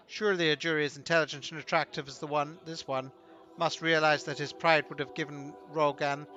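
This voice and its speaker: A man's voice: fairly high pitch, bright, forceful tone, lo-fi sound. Man playing a sneering, pompous prosecutor. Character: smug scheming male prosecutor.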